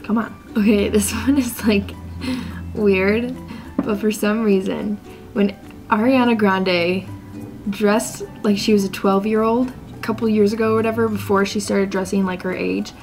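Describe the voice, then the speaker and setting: A woman's voice: medium pitch, steady tone, a little slow, a little mellow, soft background music. Chatty young woman ranting, peppered with "like". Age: young adult. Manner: exasperated, chatty, heavy use of "like", mock-quotes people. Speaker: vlogger. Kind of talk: casual ranting vlog.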